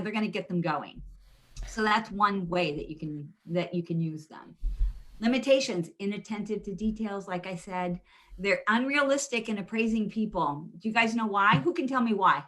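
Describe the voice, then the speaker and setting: A woman presenting a hiring webinar over a video call, telling stories in a lively way and acting out the quotes. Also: mid-range voice, moderate pace. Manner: lively storytelling, acts out quotes.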